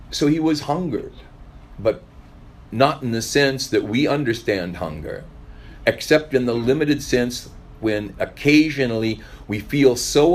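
A man's voice: fairly low pitch, darkish tone. A man preaching a sermon in a conversational way, now and then acting out the voices of the people he quotes. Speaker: pastor.

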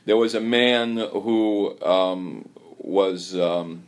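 Halting low-voiced man preaching. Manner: halting, repeats words, storytelling. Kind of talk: sermon.

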